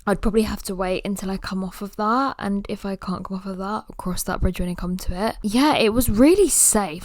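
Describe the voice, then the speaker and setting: A young woman chats through her solo podcast, rambling with plenty of filler words and sounding a little tired. Her voice is mid-pitched and recorded close and dry, with no room sound behind it. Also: a little fast, few pauses, no room sound. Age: early 20s. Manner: chatty, rambling, lots of "like" fillers. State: tired and yawning. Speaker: podcast host. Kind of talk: casual solo podcast chat.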